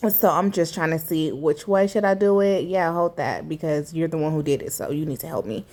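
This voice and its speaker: Low-voiced woman chatting through a DIY fix. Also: a little fast, darkish tone. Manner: candid, chatty, with many fillers and "you know"s. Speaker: vlogger. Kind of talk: casual DIY vlog narration.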